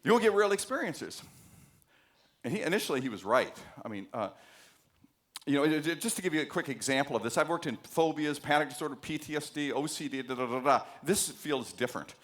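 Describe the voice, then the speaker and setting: A man's voice: fairly high pitch, lively intonation, fast talker, a bit bright. An American man giving a university lecture on psychology, telling anecdotes with many fillers and acting out the voices he quotes. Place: large lecture hall.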